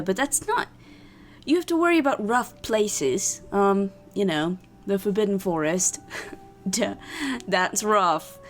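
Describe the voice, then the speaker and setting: A woman playing a tabletop game, chatting casually in a playful, joking way. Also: medium pitch. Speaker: player. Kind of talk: casual play chat.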